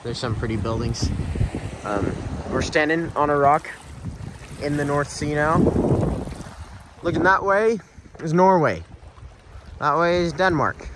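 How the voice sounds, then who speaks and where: Young man vlogging over loud street noise. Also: a little high, a little slow, long pauses. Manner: upbeat, easygoing, chatty. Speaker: travel vlogger. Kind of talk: casual vlog narration. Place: outdoors in a town.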